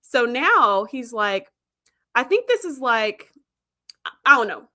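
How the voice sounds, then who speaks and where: A woman's voice: on the high side, sing-song, slow, bright, forceful tone. A woman hosting a casual livestream, chatting and laughing as she retells scenes and reads the chat. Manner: chatty, laughs often, acts out quoted lines. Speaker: host reading live chat.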